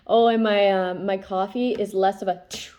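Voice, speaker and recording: A woman with a stuffed-up nose gives a casual tarot reading in a mid-range, darkish voice with a steady tone at normal speed. She's chatty and filler-heavy, laughs often, keeps asking "okay?", and now and then reads passages aloud in this casual spiritual chat.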